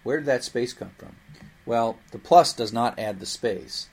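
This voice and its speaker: A man teaching programming in a recorded lecture, explaining in a lively way with playful asides. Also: medium pitch, unhurried. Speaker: programming instructor.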